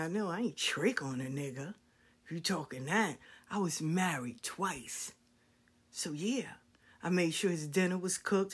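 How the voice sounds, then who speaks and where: A middle-aged woman talks straight to her listeners, spinning stories from her own life. Her talk is blunt and full of swearing, and she tells it with lively energy. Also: lowish voice, breathy edge. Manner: blunt, profane, animated storytelling. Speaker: talk show host. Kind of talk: casual storytelling chat.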